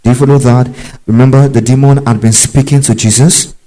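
A man's voice: mid-range voice, steady tone, brisk, mellow, poor audio. A man preaching a Bible teaching, emphatic and repetitive, checking in with his listeners. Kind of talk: sermon-style Bible teaching.

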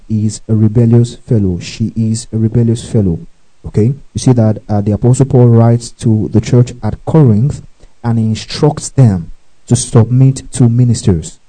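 A man's voice: mid-range voice, mellow, low-quality recording. A man preaching a sermon and teaching from scripture. He repeats key phrases and keeps asking his listeners whether they get it. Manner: tells listeners to underline verses. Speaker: pastor.

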